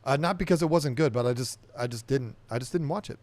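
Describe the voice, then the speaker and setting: A man's voice: medium pitch, fast talker, darkish tone, no room sound. A man hosting a livestream podcast, chatting casually and rambling as he reads viewer comments aloud and answers them.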